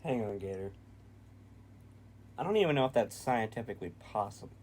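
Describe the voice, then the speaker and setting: A man with a somewhat low voice, co-hosting a casual reaction video. He is blunt and opinionated and swears freely. Faint background noise hums behind him. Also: animated, brisk, a little mellow. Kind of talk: casual chat.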